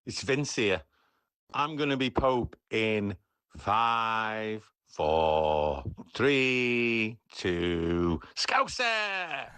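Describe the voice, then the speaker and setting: A man doing a slow, deep mock Scouse cardinal. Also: big pitch swings, bright, forceful tone, clean tone, no echo, heavily acted. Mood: mock-grand. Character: joking male caller putting on a Scouse cardinal's voice.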